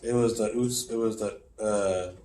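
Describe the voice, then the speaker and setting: A man co-hosting a casual wrestling podcast, answering briefly and matter-of-factly, with halting restarts. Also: lowish voice, fairly even intonation, dark tone, rough recording. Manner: short matter-of-fact corrections, halting restarts. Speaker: podcast co-host.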